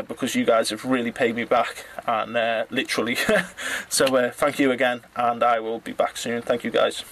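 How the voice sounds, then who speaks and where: A middle-aged man from England speaks in a flat, even tone. He halts often, fills gaps with uhs and ums, and stumbles over names as he thanks his online followers. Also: medium pitch, slight background noise. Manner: halting, many fillers, stumbles over names. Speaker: drone hobbyist vlogger. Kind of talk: casual thank-you message to viewers.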